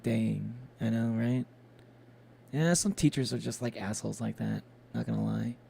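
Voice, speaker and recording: Man, game streamer, casual rambling chat, fillers and chuckles, gravelly, dark tone. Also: medium pitch, fairly even intonation, normal speed, a little hiss or hum. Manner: rambling, many fillers and restarts, chuckles often.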